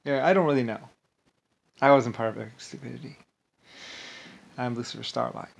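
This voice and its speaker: Swearing often and starting sentences over and over, this agitated vlogger goes on an angry, repetitive, rambling tirade. He speaks at a normal speed in a mid-range voice that's gravelly and slightly rough.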